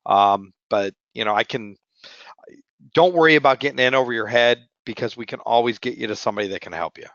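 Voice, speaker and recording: A man speaking as a webinar guest in a quick, offhand, reassuring way. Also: medium pitch, a bit bright, no room sound. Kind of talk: casual conversation. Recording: dull, dry call audio.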